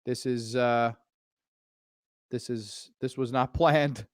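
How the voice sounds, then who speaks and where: A man hosting a casual podcast chat, gushing with excitement and swearing freely. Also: mid-range voice, slow, dry recording, studio quality. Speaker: podcast host.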